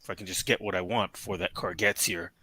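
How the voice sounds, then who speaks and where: A man chatting casually as a guest, talking in a relaxed, rambling way. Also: sits low, fast. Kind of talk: casual chat.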